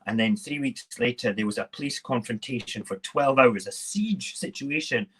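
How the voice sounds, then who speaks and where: A man with a mid-range voice runs a relaxed morning live stream. He chats and rambles on, breaking off to greet viewers and narrate what he is doing as he cooks. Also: medium pitch, normal speed, husky. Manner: chatty, rambling, talks to viewers while cooking. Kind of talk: casual live-stream chat.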